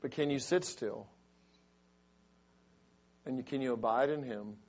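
Unhurried and raspy, a middle-aged man preaches in a mid-range voice. His sermon turns loud and emphatic at the points where he quotes scripture.

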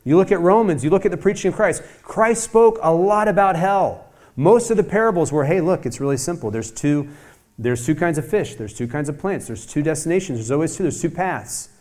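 A man's voice: lively intonation, a little fast, darkish tone. A man preaching a sermon as a pastor, emphatic, with many rhetorical questions and acted-out quoted voices. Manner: acts out quoted voices, rising and dropping in pitch.

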